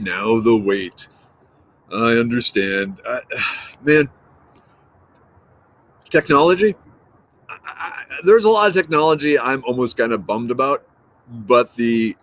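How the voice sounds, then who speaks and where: A man in his fifties hosts a casual early-morning live stream, greeting viewers and answering their comments in a relaxed, playful way. He repeats words and drifts between thoughts, speaking at an ordinary middle pitch. The audio quality is poor.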